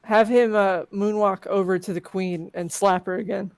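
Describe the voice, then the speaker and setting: A woman's voice: medium pitch, fairly even intonation, normal speed, a little mellow, dry recording. A woman co-hosting a game stream, reading out the story text with joking asides. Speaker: co-host. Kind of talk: playing a text adventure game. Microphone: desk microphone at home.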